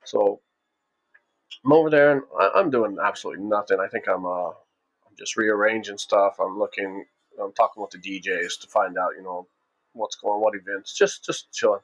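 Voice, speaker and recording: A man's voice: lowish voice, steady tone, normal speed, highs cut off. A man casually telling a story from his own past, rambling with frequent restarts and acting out what people said.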